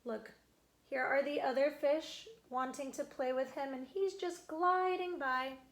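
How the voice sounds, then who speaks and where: A young adult woman reading a children's picture book aloud, talking directly to young listeners with lively warmth. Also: high-pitched, a little slow. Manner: warm, animated, talks to kids directly.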